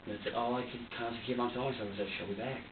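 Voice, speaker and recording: A man being questioned by police, recounting events in a halting, repetitive way with many fillers and restarts. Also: mid-range voice, fairly even intonation, distant mic, background noise. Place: sheriff's interview room. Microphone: distant room recorder. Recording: tinny lo-fi, echoey room, off-mic.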